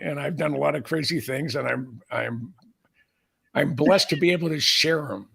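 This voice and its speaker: Older guy, really gravelly and a bit husky, rambling chatty storyteller. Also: on the high side, normal speed, a bit bright. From San Francisco Bay Area. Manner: rambling storyteller with many restarts. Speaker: co-host, aviation author. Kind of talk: casual chat.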